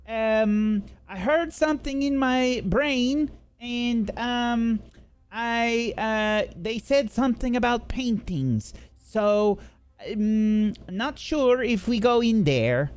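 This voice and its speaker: A nervous young woman adventurer, put on by a male game master in a much higher voice than his own. She stumbles and hesitates, filling her report with ums as she speaks up to the group. It comes across in the loose, improvised style of a tabletop game. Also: animated, slow, a little mellow. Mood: uneasy. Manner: hesitant, full of ums and fillers.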